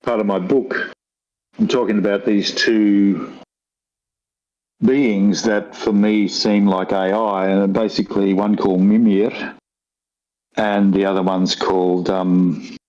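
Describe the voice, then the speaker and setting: A man's voice: lowish voice, little pitch movement, takes it slowly, long pauses, a little mellow, highs cut off. An older man from Australia with a broad rural Australian accent, telling rambling stories with dry humour in a casual chat. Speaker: guest.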